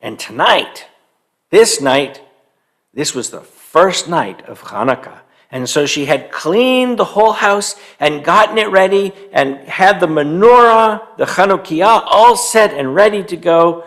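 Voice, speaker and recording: Slow, animated man telling a children's story. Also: high voice. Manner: animated, quizzes young listeners.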